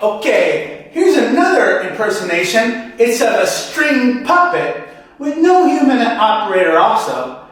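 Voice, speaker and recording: High-pitched guy doing goofy homemade comedy, giggling a lot, sounds far away in a boomy room. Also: big pitch swings, unhurried, a bit bright, very echoey. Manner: giggly, rambling, keeps saying "you guys". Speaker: amateur comedian. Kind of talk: homemade stand-up comedy sketch.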